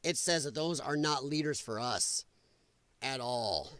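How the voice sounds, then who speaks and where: A man's voice: mid-range voice, unhurried, a bit bright, no echo. A man hosting a casual political commentary livestream, talking to his chat, laughing a lot and fumbling while he looks for clips. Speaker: livestream host.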